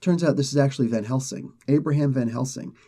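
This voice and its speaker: A man casually retelling a comic story in a loose, rambling way, slipping into quick acted lines for the characters. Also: mid-range voice, dark tone, husky. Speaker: comic book reviewer.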